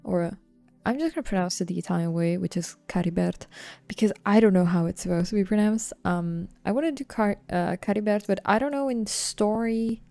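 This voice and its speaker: Gravelly lady streamer rambling over her game, mellow tone, swears casually. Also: medium pitch, a little fast, no echo, soft background music. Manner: thinks aloud, casual, swears offhand. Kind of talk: live-stream gameplay commentary.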